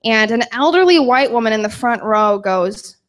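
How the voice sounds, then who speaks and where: A woman's voice: fairly high pitch, lively intonation, moderate pace. A young woman from Chicago doing a stand-up set in a bar, rambling and self-deprecating with frequent giggles. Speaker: stand-up comedian. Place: bar stage.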